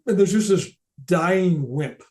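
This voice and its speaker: An older man speaks with a mellow, rounded warmth, his voice sitting a little high for a man. He tells a personal spiritual story in an earnest, reflective way, as a reverend addressing an event. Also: takes it slowly.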